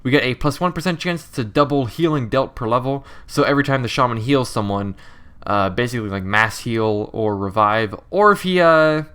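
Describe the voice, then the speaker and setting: A young male game developer talks casually while programming his game, thinking aloud as he types and correcting himself as he rambles. His voice is medium-pitched, a bit bright and smooth, yet nasal with an irritated-throat quality, with lively intonation at a moderate pace.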